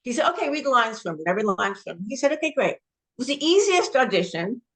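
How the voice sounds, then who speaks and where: A woman's voice: on the high side, big pitch swings, fast talker. A woman from New Jersey, an actress guest telling anecdotes in a casual interview. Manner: warm anecdotal storytelling.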